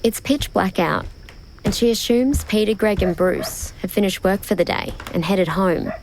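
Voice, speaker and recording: An Australian woman journalist narrating a true-crime podcast in a measured, deliberate scripted style. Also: mid-range voice, gravelly, a little hiss or hum, rough recording. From Brisbane, Australia. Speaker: investigative journalist and podcast host.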